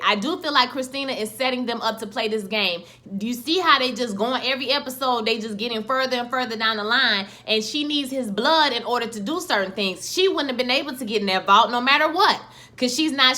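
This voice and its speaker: A young woman talks through a TV episode in a loose, slangy, candid recap. Her voice sits a little high and comes across bright and sharp. She keeps it chatty, like she is telling friends what happened. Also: a little fast. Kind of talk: casual recap vlog.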